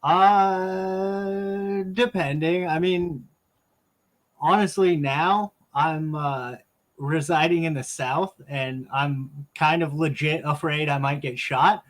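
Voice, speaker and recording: This is a man from Washington State talking casually as a guest. His voice sits a bit high for a man. He tells rambling stories and swears without a second thought. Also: steady tone, slow pace. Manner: loose, swears freely and tells stories with laughs. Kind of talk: casual chat.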